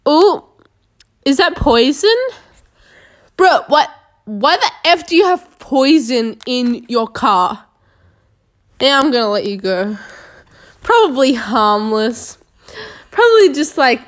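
A young woman chatting her way through a video game, joking with her viewers as she plays. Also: fairly high pitch. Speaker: gaming video creator. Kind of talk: casual gameplay commentary.

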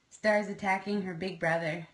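A woman talks slowly and casually on a home livestream, narrating her foster kittens. She slips into soft, cooing baby talk with them, and her voice sits at an ordinary middle pitch. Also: low-quality recording.

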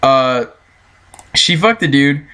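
A man's voice: mid-range voice, expressive, slow, sharp tone. A man telling a story as a casual, heated, profane rant, breaking into laughter now and then.

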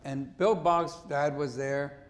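Older man with a thick Philadelphia accent. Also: a little high. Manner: animated, jokey, quick asides. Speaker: comedian guest. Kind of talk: storytelling interview on stage. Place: stage before a live audience.

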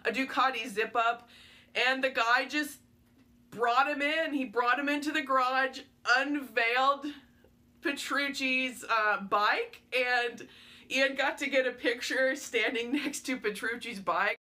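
Young woman, high and bright, gushing casual storyteller; vlog host. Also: unhurried. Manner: excitable, gushing, many fillers. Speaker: vlogger.

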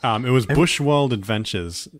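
A man with an Australian accent co-hosting a casual podcast, teasing and dry, often trailing off quieter. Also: mid-range voice, animated, moderate pace, no room sound. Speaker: podcast co-host. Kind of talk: casual chat.

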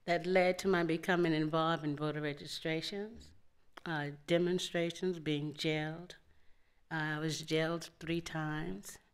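A woman's voice: low-pitched, steady tone, a little slow, clear, resonant tone. An older woman on a stage panel, recalling her past in a plainspoken, good-humored way. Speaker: panelist, former civil rights activist. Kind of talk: recounting memories on a panel. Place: auditorium event on stage.

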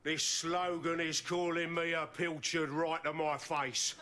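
A man's voice: a little high, level tone, unhurried, a crowd in the background, close to an everyday voice. An actor playing a volatile male advertising client in a sitcom who rants indignantly and makes threats. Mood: menacing. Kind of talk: sitcom acting.

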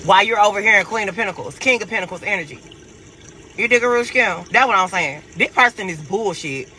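A man with a high, sharply bright voice gives a loose tarot reading to his viewers. He talks in a brash, profane, animated way. A faint hiss sits under the recording. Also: fairly quick, low-quality recording. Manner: profane, animated, laughs a lot. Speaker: tarot reader.

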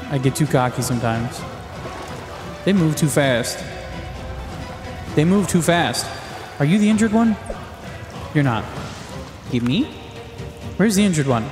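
Jumpy, cursing young gaming commentator. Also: male voice, a little high. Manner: excitable, swearing, jumpy reactions. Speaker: gaming YouTuber. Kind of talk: live gameplay commentary. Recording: roomy echo with game music behind.

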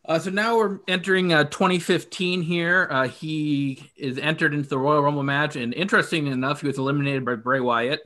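A man's voice: fairly high pitch, fairly even intonation, fairly quick, hardly any pauses, sharp tone. A man hosting a wrestling podcast, steadily recounting events in order with many fillers. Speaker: podcast host reading career history. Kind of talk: casual recap.

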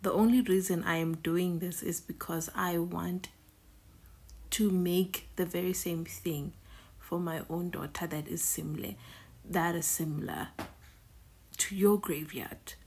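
A woman voicing her older mother, who pleads softly and apologetically to a spirit at a grave. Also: lowish voice, fairly even intonation, a little slow, a little hiss or hum. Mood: pleading.

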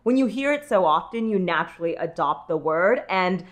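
A woman's voice: lowish voice, animated, normal speed. An American woman from California with a Californian accent, chatting upbeat to her viewers in a casual vlog. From California, USA. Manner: chatty, upbeat, often acts out quoted phrases. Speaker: vlogger.

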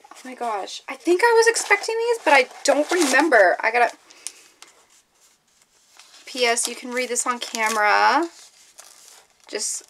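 Excitable high-voiced young woman vlogger. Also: background noise. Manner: excitable, gasping, squealing with delight. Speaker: vlogger opening fan mail. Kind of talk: casual unboxing chat.

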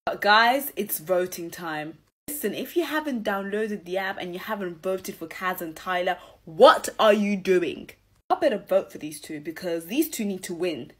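A woman's voice: mid-range voice, husky. A young woman giving casual, gushing commentary on a reality TV show and talking straight to her viewers. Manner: gushing, chatty, addresses viewers directly.

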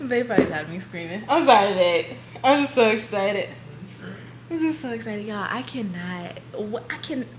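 A young woman chatting casually on her vlog, excitable and giggly, repeating herself as she talks. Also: medium pitch, normal speed, noisy background. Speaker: beauty vlogger.

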